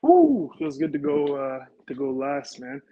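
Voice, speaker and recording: A man guesting on a fan podcast, thanking the host in an easygoing, unhurried way. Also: fairly high pitch, sing-song, no room sound, lo-fi sound. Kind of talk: casual thank-you sign-off.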